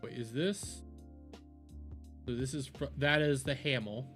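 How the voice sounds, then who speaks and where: A man's voice: medium pitch, unhurried, fairly bright tone, faint music behind. A young adult man giving profane, rambling reaction commentary as a video host.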